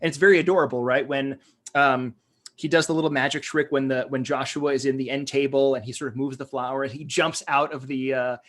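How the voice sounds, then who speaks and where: A man's voice: mid-range voice, steady tone, a little fast, a bit bright. An American man co-hosting a podcast, talking in a rambling way with many fillers and restarts. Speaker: podcast co-host. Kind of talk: casual discussion.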